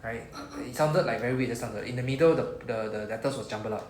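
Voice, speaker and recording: A man's voice: medium pitch, fast, crowd noise. Singaporean man teaching in an echoey classroom. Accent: Singaporean English. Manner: patient, explaining step by step with models to repeat. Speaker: Japanese teacher. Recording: echoey room with faint noise.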